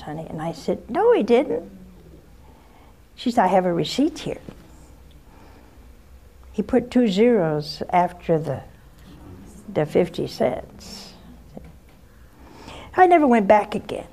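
An older woman, a nun who hosts a call-in show, speaks in a plain, mid-pitched voice. She gives blunt spiritual advice and slips easily into homespun stories. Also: dark tone. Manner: direct, folksy storyteller. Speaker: nun and host answering callers. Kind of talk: spiritual advice and personal storytelling.

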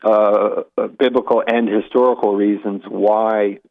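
Deep-voiced man on a tinny phone line. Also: a little slow, creaky. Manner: animated storyteller with many restarts. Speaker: guest, Catholic apologist. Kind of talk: radio interview storytelling. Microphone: phone call into radio show.

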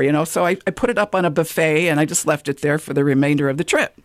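A woman guest telling a personal story on a talk show, animated and quoting herself often. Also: sits low, quick pace, no echo, studio quality. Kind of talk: casual anecdote on talk radio.

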